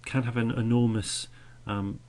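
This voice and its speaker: A man's voice: medium pitch, steady tone, a little slow, a little mellow. A man teaching a recorded poetry lesson, patiently explaining meter and beating out the stresses aloud.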